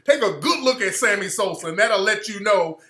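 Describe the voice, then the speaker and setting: Guy hosting a talk radio show, high voice, keeps restarting his lines, kinda echoey room. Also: animated, normal speed, pushed and bright. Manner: blunt and profane, repeats and restarts phrases; acts out quoted people in mocking voices. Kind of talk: opinionated talk radio monologue.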